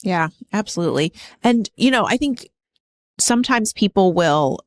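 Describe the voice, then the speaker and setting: A woman co-hosting a relaxed podcast chat, calm and affirming and quick to laugh. Her voice sits in a middle register. The recording is dry and close, with no room sound. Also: mid-range voice, dry recording. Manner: measured, affirming, laughs easily. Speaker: podcast co-host. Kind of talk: casual podcast conversation.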